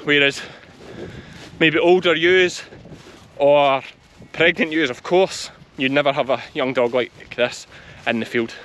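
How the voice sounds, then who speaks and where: A man's voice: fairly high pitch, fairly even intonation, a little slow, long pauses, a bit bright, slight background noise. A middle-aged man with a Scottish accent, a sheep farmer hosting his own video and chatting casually as he works, now and then calling commands to a young dog. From west of Scotland. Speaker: sheep farmer and channel host. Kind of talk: casual vlog commentary while working. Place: outdoors in a large sheep field.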